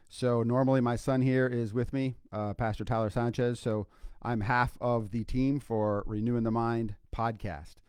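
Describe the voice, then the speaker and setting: A man's voice: mid-range voice, darkish tone, smooth, no room sound, clean studio sound. An older man, a grandfather and psychologist, co-hosting a podcast alone in an informal, earnest livestream talk full of fillers and repeated points. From Iowa, United States. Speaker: podcast co-host, clinical psychologist. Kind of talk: impromptu solo livestream talk.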